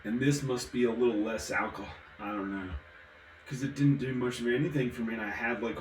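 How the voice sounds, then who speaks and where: A man's voice: mid-range voice, a little fast, echoey room, low-quality recording. A man from the American South, vlogging casually while drinking, rambling and giggling from one topic to the next.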